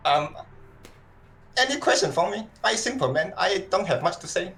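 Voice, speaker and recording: A man's voice: high-pitched, lively intonation, moderate pace, vocal fry, a bit bright, pitched above the performer's own voice, heavily acted. Man putting on an old doctor with a heavy Chinese accent. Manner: broken, clipped phrasing. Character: very old traditional male doctor, unhappy. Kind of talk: tabletop role-play voice.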